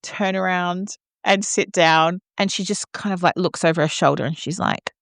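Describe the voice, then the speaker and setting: An Australian woman with a fairly low voice chatting on a podcast. She rambles through stories with restarts and teases her co-host. The close microphone is dry, with no room sound. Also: fairly even intonation, moderate pace, gravelly, fairly bright tone, no room sound. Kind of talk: casual chat.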